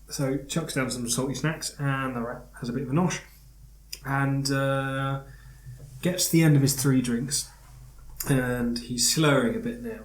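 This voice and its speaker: A man with a mid-pitched voice spins out a joke in a loose, rambling way, stumbling over fillers as he goes. He is recorded in a roomy, echoing space. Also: measured pace. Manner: rambling, animated storyteller with many fillers. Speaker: podcast host. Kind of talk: casual chat, telling a joke. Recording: roomy echo.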